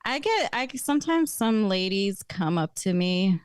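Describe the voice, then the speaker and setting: Young adult woman, podcast guest, casual chat, lively storyteller, mid pitch, dry close recording. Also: measured pace, no room sound. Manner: lively storyteller, laughs often.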